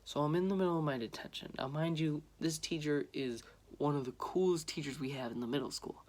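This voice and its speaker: Speaking fairly quickly in a highish, darkish voice, a young man vlogs a casual story to the camera. He keeps restarting as he rambles, and he performs other people's quotes.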